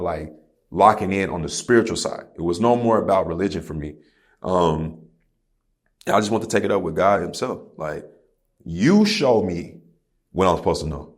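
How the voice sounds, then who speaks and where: A man in his thirties, a podcast guest, telling a personal story in casual, candid talk full of slang and swearing. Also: low-pitched. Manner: candid, profane storytelling with slang like "bro" and "you feel me". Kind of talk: casual conversation.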